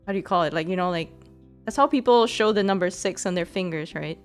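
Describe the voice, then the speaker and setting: A woman's voice: fairly low pitch, fast talker, faint music behind. A woman streamer in casual chat with her viewers, rambling and giggly, full of fillers.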